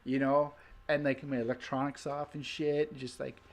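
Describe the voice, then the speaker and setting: A man's voice: medium pitch, level tone, moderate pace, creaky. A man hosting a podcast, telling stories in loose casual chat, full of fillers and swearing. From Canada. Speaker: podcast host.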